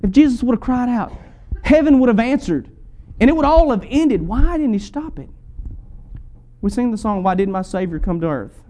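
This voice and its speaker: Male preacher, sermon delivery, high-pitched and mellow, pressing rhetorical questions. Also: animated, moderate pace. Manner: rhetorical, repeated questions with rising and falling intensity.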